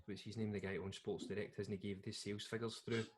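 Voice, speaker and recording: A man's voice: on the low side, little pitch movement, fast talker, slight background noise. A young Scottish man co-hosting a podcast in casual chat, rambling and laughing as he talks. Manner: rambling, restarts and trails off, laughs often. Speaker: podcast co-host.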